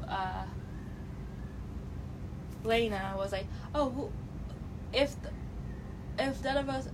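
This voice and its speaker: Chatty young woman, blunt opinions. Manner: chatty, blunt, rambling with restarts and fillers. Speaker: reality show commentator. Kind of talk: casual opinion vlog. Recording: noticeable background noise with a low rumble.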